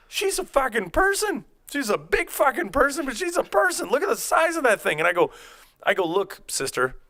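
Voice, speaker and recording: Profane man rambling through a story. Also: mid-range voice. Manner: rambling, profane, animated retelling with acted-out quotes. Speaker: podcast host telling a story. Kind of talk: casual storytelling.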